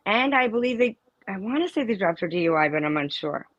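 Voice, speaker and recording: A woman's voice: mid-range voice, expressive, fast talker, no echo, muffled recording. A middle-aged woman speaking as an interview guest, a mother who talks in a rambling, emphatic way that trails off and restarts. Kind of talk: casual live interview chat.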